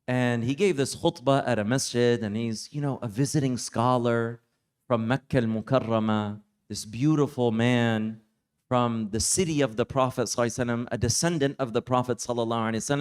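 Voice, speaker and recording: A man teaching at a religious retreat, telling a personal story in a relaxed, conversational way, full of "like" and "you know.". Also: medium pitch, clean tone. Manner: casual, conversational, heavy use of "like". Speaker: Islamic teacher. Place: summer retreat lecture.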